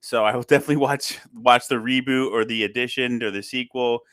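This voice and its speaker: Guy hosting a video call show, crisp smooth voice, jokes at himself a lot. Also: mid-range voice, steady tone, fairly quick, a bit bright, no echo. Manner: chatty, laughs often, self-deprecating. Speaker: podcast host. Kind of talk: casual chat.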